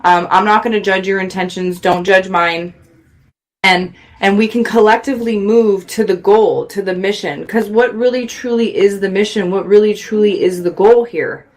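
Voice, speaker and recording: A woman's voice: mid-range voice, fairly even intonation, normal speed. Earnest woman host talking about love. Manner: earnest, reflective, speaks louder when worked up. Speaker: radio show host. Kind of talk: motivational talk to viewers.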